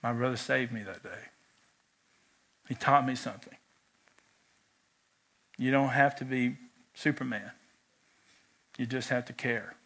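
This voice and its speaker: A pastor of medium pitch preaches at a measured pace, leaving long pauses. Telling a personal story, he brings its lines to life, shouting the quoted parts as an animated storyteller.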